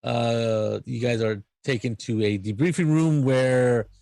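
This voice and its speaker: Gravelly-voiced man running a tabletop game. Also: mid-range voice, steady tone, mellow, no echo. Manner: halting, many fillers and restarts. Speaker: game master.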